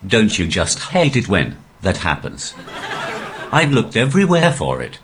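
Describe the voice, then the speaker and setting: A male stand-up comedian talking through a posh, robotic text-to-speech voice with a deadpan, even delivery. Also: on the low side, unhurried, background noise. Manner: deadpan, evenly paced delivery. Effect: synthetic text-to-speech voice. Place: live comedy venue.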